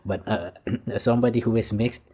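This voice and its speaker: A man's voice: fairly low pitch, fairly even intonation, moderate pace, mellow. Heated Surinamese man lecturing in commentary. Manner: heated, lecturing, repeats "you see" and "nigga". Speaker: commentator reacting to archive clips. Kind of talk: casual reaction commentary.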